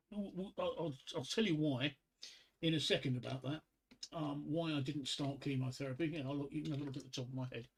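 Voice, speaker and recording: An older man with a fairly high-pitched voice hosts a casual solo livestream. He rambles, jokes at his own expense and talks straight to his few viewers, full of ums and restarts. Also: breathy edge, low-quality recording. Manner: rambling, self-deprecating, chatting to viewers; frequent fillers and restarts. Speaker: livestream host.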